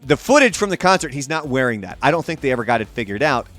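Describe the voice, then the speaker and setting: A man hosts a casual podcast, telling a story in an animated, profane way with lots of swearing and acted-out quotes. He has a medium-pitched voice and talks fast, with faint music behind him.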